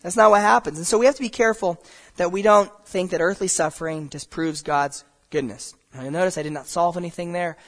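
A man's voice: high voice, brisk, a bit bright. A man preaching a sermon in a conversational way, stumbling over restarts and acting out quoted voices. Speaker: pastor.

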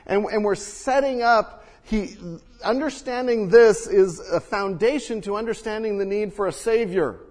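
A man preaching a sermon and reading scripture, swinging between loud emphasis and hushed quiet, recorded in a church sanctuary. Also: high voice, unhurried. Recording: long reverb of a large hall.

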